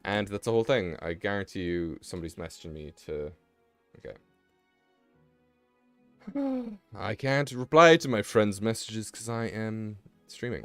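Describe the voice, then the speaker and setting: A man's voice: lowish voice, very animated, a little slow, pauses often, no echo, soft background music. A young British man streaming live, chatting casually and rambling with self-mocking asides while he draws. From Britain.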